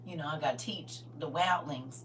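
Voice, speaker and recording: A woman ministering on a livestream, emotional and close to tears, swinging from loud preaching to soft near-whispers and calling listeners honey and y'all. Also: low voice, normal speed, distant mic, noisy background. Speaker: online minister and livestream host.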